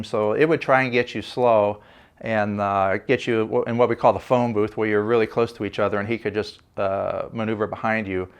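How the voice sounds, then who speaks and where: An older man, a former Navy fighter pilot, telling a story for a documentary interview in a relaxed, anecdotal way with frequent fillers. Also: mid-range voice, clear, resonant tone.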